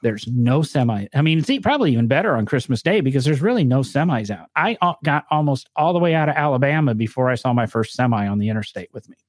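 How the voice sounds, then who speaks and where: A man's voice: mid-range voice, expressive, fast talker, few pauses, no room sound, clean studio sound. A man with a northern US accent, chatting casually about cars with rambling, filler-heavy storytelling. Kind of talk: casual chat.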